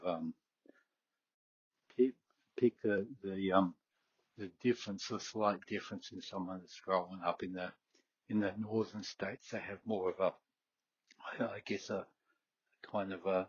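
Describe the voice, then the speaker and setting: A man's voice: lowish voice, breathy edge, no room sound, dull audio. A middle-aged man with a Queensland Australian accent hosting a fitness podcast, rambling with many fillers and restarts. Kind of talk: casual solo talk.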